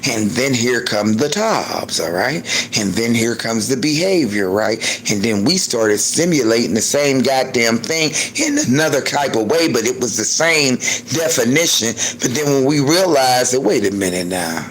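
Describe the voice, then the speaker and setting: A man in his sixties hosting a livestream and ranting heatedly with a lot of profanity, swinging between loud outbursts and low muttering. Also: lively intonation, normal speed, hardly any pauses. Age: 60s. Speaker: livestream host.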